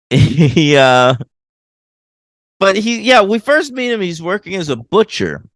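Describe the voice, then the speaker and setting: A man co-hosting a film podcast in casual chat, his pitch swinging up and down as he jokes about the movie. The sound is dry and close, with no room behind it. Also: takes it slowly, no echo. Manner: animated, laughs often, mocks movie lines. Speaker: podcast co-host.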